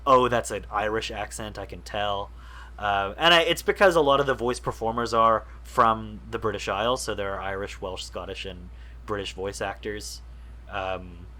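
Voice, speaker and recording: Here a gaming podcast co-host speaks with a fairly low pitch and a sharp tone. He explains things at great length in a casual, enthusiastic ramble, constantly using fillers and starting over.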